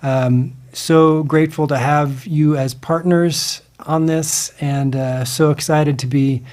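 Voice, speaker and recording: A man hosting a livestream in a casual, halting way, with many fillers and restarts. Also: a little high, steady tone, a little mellow. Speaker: livestream host.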